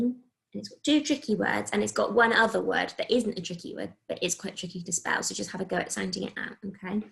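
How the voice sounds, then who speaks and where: A woman with an English accent, a primary school teacher giving a recorded phonics lesson to young children, speaking slowly and clearly as she sounds out letters. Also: mid-range voice. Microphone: recorded video lesson.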